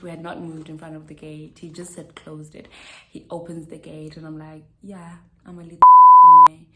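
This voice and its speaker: A woman with a South African accent talks straight to camera in a storytime vlog, re-enacting what she said with lots of "like" along the way. Her voice is bright and a touch low, with faint noise in the background. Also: normal speed. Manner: animated, re-enacts her own lines; frequent "like" fillers. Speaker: vlogger. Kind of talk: storytime monologue.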